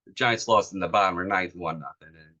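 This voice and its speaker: A man's voice: deep voice, quick pace, bright, forceful tone. A man in his fifties, an author telling stories from his life as a fan to a club meeting in a casual, conversational way. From East Coast of the United States. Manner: storytelling, conversational with fillers. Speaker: author presenting his book. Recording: dull lo-fi recording.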